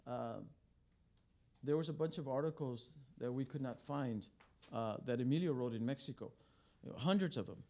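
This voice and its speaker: Gravelly-voiced male attorney briefing reporters. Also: mid-range voice, normal speed, mellow. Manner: conversational storytelling with many fillers and restarts. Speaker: immigration attorney. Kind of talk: press briefing talk. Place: press club briefing room.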